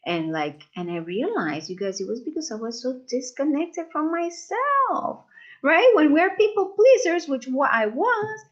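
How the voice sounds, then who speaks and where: A woman leading a live masterclass, talking warmly to her audience and acting out the voices people use on themselves. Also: high-pitched, measured pace, highs cut off. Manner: expressive, acts out inner voices, addresses audience as "you guys". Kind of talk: live online masterclass talk.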